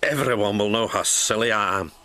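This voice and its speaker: A man's voice: fairly low pitch, a little fast, background noise, lightly acted. A man voicing a brash, stubborn and grumpy male steam engine who talks bluntly and with scorn. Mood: ashamed.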